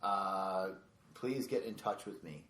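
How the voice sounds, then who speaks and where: A man's voice: low voice, slow pace, fairly bright tone. A man, a stand-up comedian, chatting casually on a podcast in a rambling way full of fillers. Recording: echoey room with faint noise.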